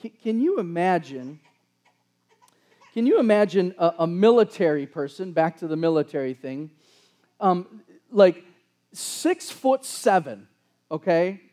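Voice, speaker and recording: A man's voice: high voice, mellow. A man preaching a sermon as pastor, conversational, with sarcastic asides and frequent restarts.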